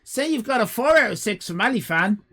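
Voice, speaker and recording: A man hosting a live stream, grading viewers' drawings in a mock-stern, theatrical way and often breaking into shouts. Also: high voice, sing-song, fairly quick, very noisy. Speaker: livestream host.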